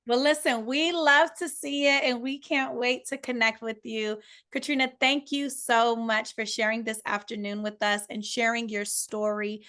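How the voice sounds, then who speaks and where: A woman's voice: fairly high pitch, steady tone, normal speed, few pauses, a bit bright. A woman hosting a faith-minded podcast, encouraging her guest and closing with affirmations. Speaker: podcast host. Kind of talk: podcast interview and sign-off.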